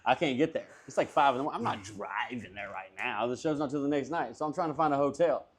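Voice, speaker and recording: A man's voice: medium pitch, quick pace. A man, a comedian guest, telling a long story casually, swearing freely and acting out everyone's lines. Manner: profane, animated, acts out dialogue.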